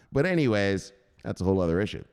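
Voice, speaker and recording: A man's voice: lowish voice, very animated, brisk, darkish tone, clear, resonant tone. Crypto vlog guy rambling, swears a lot, voice jumps all over, echoey room. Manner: profane, rambling, jokey. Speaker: crypto news channel host. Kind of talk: casual joking monologue.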